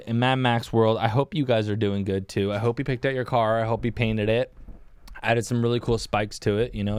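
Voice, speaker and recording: A young man chats alone on his podcast in a loose, rambling way, laughing as he goes and tossing in "dude" every few lines. His voice is smooth and resonant, and the sound is close and dry. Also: lowish voice, dry recording. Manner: rambling, laughing often, saying "dude" a lot. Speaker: podcast host. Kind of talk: casual solo podcast chat. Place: small windowless indoor room.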